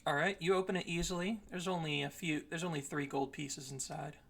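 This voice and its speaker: A man runs a tabletop game, his voice bright and edged with fry. He describes each room in steady, plain narration and calls for dice rolls. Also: a little high, brisk. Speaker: dungeon master. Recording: noisy stream audio.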